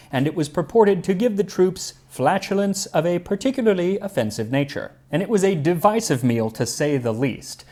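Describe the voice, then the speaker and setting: A man's voice: a little high, darkish tone. A man hosting a cooking history show, giving scripted narration with dry humor and tasting the food.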